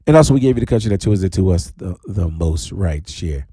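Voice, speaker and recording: Male DJ host, animated and playful, warm low timbre, stretches words into high calls. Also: slightly rough, no echo, studio quality. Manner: animated, playful, swoops into high drawn-out shouts. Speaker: radio DJ host. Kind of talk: casual radio talk show. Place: radio studio.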